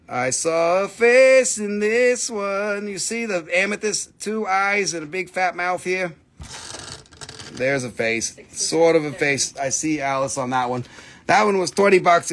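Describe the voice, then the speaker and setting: Loud guy hawking rocks on a live stream, high bright voice, gravelly, cussing and cracking jokes. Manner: loud, joking, swearing, rambling banter. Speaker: live-stream crystal seller. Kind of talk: casual live sales stream. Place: shop or home stream setup.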